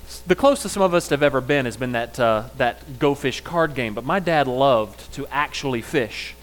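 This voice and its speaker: A man's voice: medium pitch, lively intonation, moderate pace, low-quality recording. A middle-aged man preaching a sermon in a conversational style, telling personal stories and joking with his congregation. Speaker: pastor.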